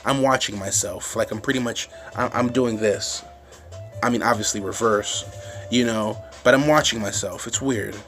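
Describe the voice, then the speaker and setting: This male vlogger speaks at a normal speed in a fairly low, slightly bright voice. He delivers a casual, rambling, profane rant into his phone camera, restarting often and getting fired up, with faint music in the background.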